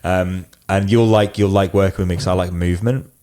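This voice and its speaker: Very low-voiced guy chatting away on a podcast, lots of ums and restarts, loose and rambling. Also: fairly even intonation, brisk, mellow. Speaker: wedding photographer guest. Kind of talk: casual podcast conversation.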